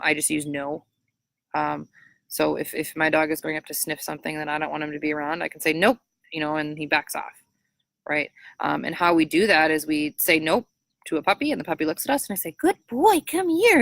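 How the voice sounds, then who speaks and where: A woman trainer from Minnesota talks through puppy questions in a loose, chatty way, full of ums and likes. Her voice sits low but has a bright edge. The sound is dry and close. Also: no room sound. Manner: chatty, frequent fillers, animated high-pitched voice when quoting praise to dogs. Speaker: dog trainer. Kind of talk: casual advice Q&A.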